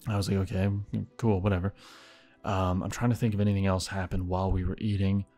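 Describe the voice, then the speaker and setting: A man with a lowish voice tells a rambling personal story in a casual, profane way. He jumps into quoted lines with sudden loud, high bursts, then drops back to a mutter. Faint music sits under his voice. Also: fast talker. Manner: animated, acts out quotes, heavy swearing.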